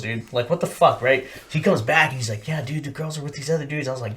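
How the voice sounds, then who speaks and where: A man's voice: mid-range voice, fast. A young man co-hosting a podcast, telling rambling, profane stories in casual chat. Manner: profane, rambling, animated storytelling. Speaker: podcast co-host.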